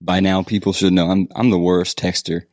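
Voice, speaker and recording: A man chats as a podcast guest, easygoing and quick with dry, deadpan jokes. His voice is low, and the recording is close and dry. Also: no room sound. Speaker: guest, marketing business owner. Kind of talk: casual interview chat.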